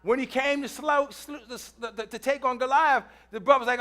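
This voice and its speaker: Bright high-voiced preacher telling stories. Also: male voice, a little fast. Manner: lively storytelling with humor, acting out quotes; repeats phrases for emphasis. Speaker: pastor. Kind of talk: sermon. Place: church.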